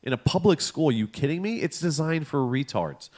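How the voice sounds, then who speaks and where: A middle-aged man spins a rambling, swear-heavy story for a podcast, voicing the people in it as he goes. His voice sits a bit high for a man and leaps up and down with energy. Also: moderate pace. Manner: profane, animated storyteller acting out quotes. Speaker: podcast co-host. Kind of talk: casual storytelling chat.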